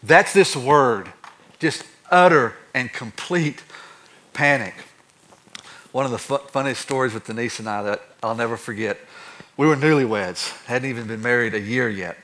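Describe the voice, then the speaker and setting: A man preaching a sermon, telling personal stories in an animated way, swinging between quiet and loud. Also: medium pitch, moderate pace. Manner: animated, acts out stories with shifting loudness. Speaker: pastor.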